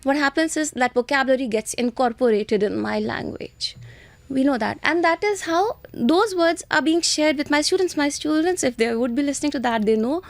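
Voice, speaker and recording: A woman's voice: sits high, animated, normal speed, dry recording. A woman with an Indian English accent, an IELTS trainer giving earnest, instructive answers in a podcast interview and speaking straight to students.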